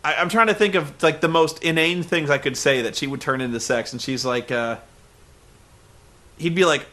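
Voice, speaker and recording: Sarcastic male reviewer, bright forceful tone, a bit high. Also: moderate pace. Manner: sarcastic, exasperated. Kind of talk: comedic recap.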